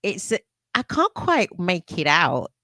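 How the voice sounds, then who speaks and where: A woman's voice: fairly low pitch, huge pitch swings, sharp tone, no echo. A woman hosting a radio show, interviewing a guest in an encouraging, interested way. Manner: encouraging, interested, drawn-out phrasing.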